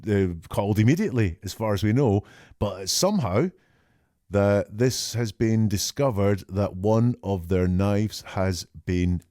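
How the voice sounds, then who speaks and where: A male podcast host giving measured, reflective analytical commentary and reading out quoted lines as he goes. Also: on the low side, warm tone, no echo, studio quality.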